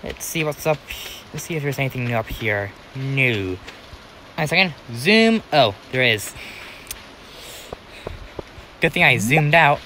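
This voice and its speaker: A man's voice: mid-range voice, animated, a little slow, long pauses, bright, forceful tone, a little hiss or hum, rough recording. A young American man giving rambling, casual commentary while playing a farming game, talking to himself with many restarts. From United States. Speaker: gaming channel host.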